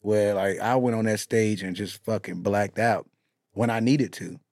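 Gravelly-voiced comic host, dry close mic, loose animated storyteller. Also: male voice, lowish voice, a little slow, no room sound. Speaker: podcast host and comedian. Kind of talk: casual chat.

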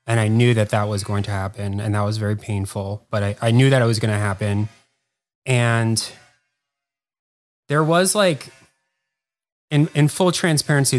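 A man speaking as a guest on a podcast, telling a long story in a rambling, casual way and filling it with "like". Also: fairly low pitch. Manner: rambling, heavy use of "like", quick bursts. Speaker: podcast guest, former editor.

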